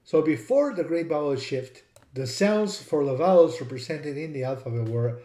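A man's voice: a little high, animated, moderate pace, few pauses, warm tone, echoey room. A man teaching a lesson, spelling out words and repeating sounds to demonstrate. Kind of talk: explanatory lesson.

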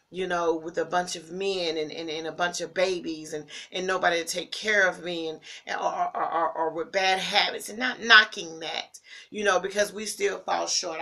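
Grieving woman, gravelly slow heartfelt voice. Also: on the low side. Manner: heartfelt, slow, repeats phrases, swings between loud emphasis and breathy whispers. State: grieving, near tears. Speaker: vlogger sharing a personal tribute. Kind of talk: emotional personal monologue.

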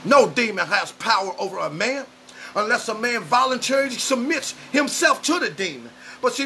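Fiery high-voiced gravelly male preacher. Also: slight background noise. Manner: loud and emotional, often shouting. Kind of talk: fiery street sermon to camera. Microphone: camera mic, speaking to camera.

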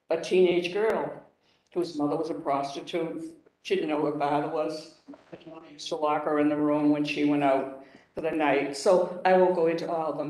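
A man speaking as a councilor at a hearing, emotional and halting, rambling with restarts. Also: fairly high pitch, darkish tone. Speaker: city councilor. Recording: echoey room, off-mic.

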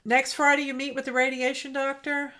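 A woman hosting a casual art livestream, chatting softly and greeting viewers by name as she paints. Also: high voice, monotone, a little fast, noisy background.

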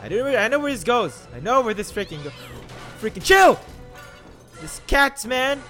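A man's voice: sits high, big pitch swings, fast, a bit bright, soft background music. A young man doing jokey horror game commentary, rambling to himself and yelping when startled. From Philippines. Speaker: gaming YouTuber.

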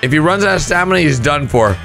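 A young man commentating on gameplay clips with excited outbursts and shouts. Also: on the high side, fast, vocal fry, soft background music. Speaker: gaming commentator.

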